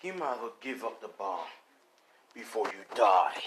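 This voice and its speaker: A man voicing a cocky masked young male hero in a low, hushed hollow voice, taunting his opponent. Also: expressive, normal speed, very noisy, natural voice. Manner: taunting, swaggering.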